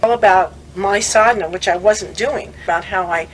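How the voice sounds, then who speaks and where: An older woman recounting her memories in a lively, conversational way, often laughing and acting out what others said. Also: mid-range voice, normal speed, slight background noise, poor audio. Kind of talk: conversational storytelling.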